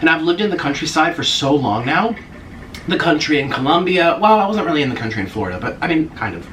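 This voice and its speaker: A man in his twenties talks in a casual mukbang vlog from an apartment on a busy street. His voice sits high and swoops around a lot, and he gushes with gasps and squeals. Faint street noise hums behind him. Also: fast talker. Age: 20s. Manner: excitable, gushing, many gasps and squeals. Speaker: vlogger. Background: faint street ambience.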